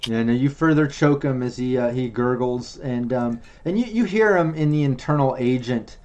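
A man's voice: mid-range voice, normal speed, dull audio. A man narrating as game master of a tabletop role-playing game, with lots of ums and uhs. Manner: relaxed, filler-heavy narration.

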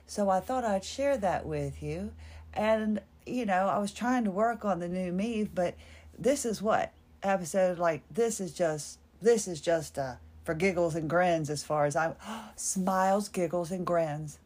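A woman's voice: lowish voice, measured pace, a little mellow. A woman hosting a solo podcast, chatting in a rambling, nostalgic, self-mocking way and trailing off mid-thought. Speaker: podcast host.

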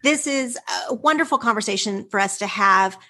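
A woman's voice: medium pitch, normal speed, pushed and bright. A woman hosting a podcast, wrapping up an interview and reading the outro with enthusiasm. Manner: enthusiastic, effusive. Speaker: podcast host.

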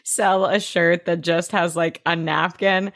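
A woman's voice: fairly low pitch, fairly even intonation, measured pace, vocal fry, a bit bright, dry recording, studio quality. A woman co-hosting a podcast in a casual recap chat, talking with many "like" fillers. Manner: chatty, many "like" fillers, laughs often. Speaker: podcast co-host.

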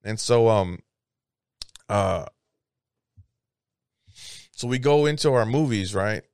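A young man in casual podcast chat, telling a story with lots of swearing and loud voices for his friends. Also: on the low side, slow, smooth, no room sound. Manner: animated storyteller, swears a lot, yelps mimicking friends.

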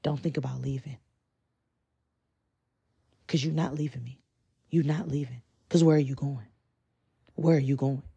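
A woman voicing a possessive, menacing woman, muttering threats in a low hush. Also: fairly even intonation, moderate pace, creaky, pauses often, slightly rough, dry recording, highs cut off, full character voice. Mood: threatening. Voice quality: low, hushed.

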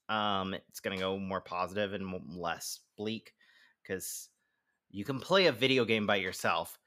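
Male co-host, casual chat, bright voice, lots of ums and laughs. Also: lowish voice. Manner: laughs often, chatty with many fillers. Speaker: podcast co-host.

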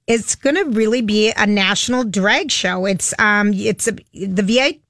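A woman co-hosting a radio show, upbeat and reading announcements briskly in casual chat. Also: medium pitch, a bit bright, no room sound, clean studio sound. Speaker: radio co-host.

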